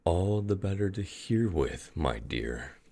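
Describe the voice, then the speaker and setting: A deep-voiced man playing a cunning wolf disguised as a grandmother in a storybook tale. The sly replies linger slowly, rising and falling over a very low, gravelly base. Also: lively intonation, warm tone, exaggerated voice.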